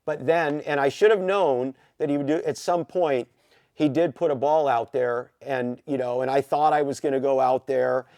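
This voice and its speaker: A man from the Pacific Northwest, a podcast guest telling an animated story with many "you know" fillers. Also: mid-range voice, normal speed, dry recording, studio quality. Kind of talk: casual storytelling.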